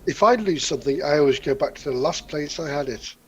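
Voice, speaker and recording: A man's voice: a little high, expressive, fast, highs cut off. A man playing his character in a tabletop game, polite and formal, with corny puns. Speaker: player.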